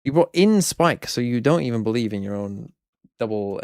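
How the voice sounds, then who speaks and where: A man's voice: medium pitch, lively intonation, normal speed, a little mellow, no room sound, studio quality. A man streaming, casually reviewing viewers' fantasy teams in a wry, blunt way, thinking aloud. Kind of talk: casual livestream commentary.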